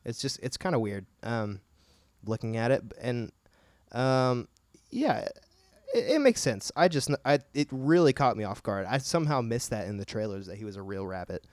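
Guy cohosting a podcast, joking around, mid pitch, dry close sound. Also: lively intonation, moderate pace, darkish tone, dry recording. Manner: playful, joking, frequent laughs. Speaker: podcast co-host. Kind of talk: casual chat.

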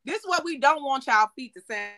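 A woman's voice: high voice, lively intonation, fairly quick, pushed and bright. A woman co-hosting a casual panel chat, cutting in with playful, teasing remarks. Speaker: podcast co-host.

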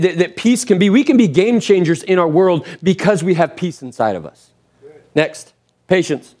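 A man's voice: medium pitch, a little mellow. A man in his thirties preaching a sermon as pastor, telling stories animatedly with re-enacted dialogue and repeated phrases for emphasis.

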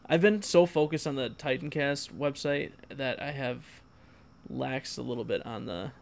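A man's voice: medium pitch, measured pace, vocal fry. A man hosting a casual podcast chat, laughing often and reading listener posts aloud. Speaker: podcast host.

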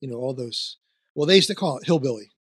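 A man with a Philadelphia-area accent hosts a casual chat, circling his points with fillers and restarts. His voice sits at a middling pitch. The recording is dry and close. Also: expressive, fast talker, slightly rough, dry recording. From New Jersey, near Trenton. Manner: rambling, many fillers and restarts. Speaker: podcast host.

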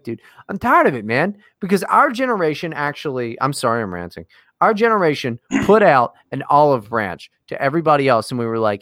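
A man's voice: on the high side, a bit bright, dry recording, clean studio sound. A man co-hosting a podcast, ranting in a casual, profane and exasperated way. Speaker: podcast co-host.

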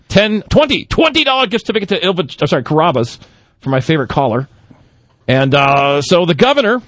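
A man's voice: medium pitch, no room sound. A man hosting a live talk radio show from a studio mic, playful and teasing, laughing often as he banters with guests. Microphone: studio broadcast mic.

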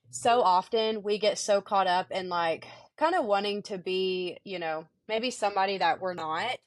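A woman's voice: mid-range voice, no room sound. A young woman co-hosting a faith podcast, chatting casually and sweetly with many fillers. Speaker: podcast co-host. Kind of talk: casual chat.

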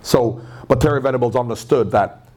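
A man being interviewed at a live event, telling animated stories, acting out quotes and laughing often. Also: mid-range voice, a little fast. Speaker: interview guest, former pro footballer. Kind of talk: animated anecdotal storytelling. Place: live event at a stadium venue.

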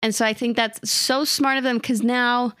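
A woman's voice: a little high, steady tone, normal speed, a bit bright, dry recording, clean studio sound. A young adult woman co-hosting a casual podcast, bubbly and gushing in her reactions. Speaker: podcast co-host. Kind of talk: casual chat.

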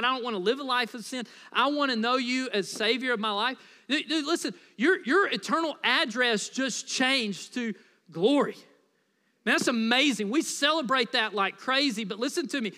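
A man's voice: very high voice, pushed and bright, in a large hall. A man preaching a sermon as pastor, from the United States, in a conversational, playful style full of asides to the congregation.

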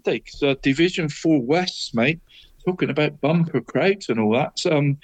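A man going through local football results in casual podcast chat, tacking "mate" onto nearly every phrase. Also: medium pitch. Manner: chatty, says "mate" after almost every phrase.

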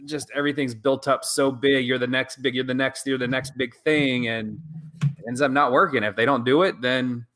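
A man's voice: medium pitch, steady tone, fairly bright tone. A man co-hosting a podcast, chatting about sports and restarting often as he works toward his point. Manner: restarts a lot, builds his point slowly. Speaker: podcast co-host. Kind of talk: casual sports chat.

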